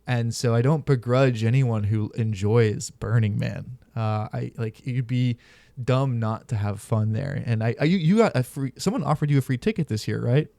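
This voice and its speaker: A man's voice: mid-range voice, normal speed, vocal fry, dark tone, no room sound. A man hosting a podcast, telling stories in casual, candid and profane chat. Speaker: podcast host.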